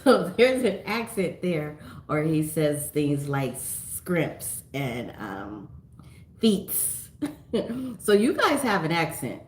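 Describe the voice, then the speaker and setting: A woman's voice: sits low, big pitch swings, slow, reverberant. A middle-aged woman from California hosting a casual livestream on her phone, chatting and reading viewer comments aloud with frequent laughs. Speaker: livestream host.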